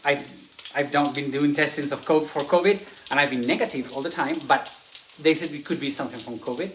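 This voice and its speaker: A man's voice: on the high side, fairly quick, slight background noise. A man with Spanish as his first language and a lingering cough, chatting casually while cooking in a home kitchen and searching for English words. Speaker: cooking video co-host.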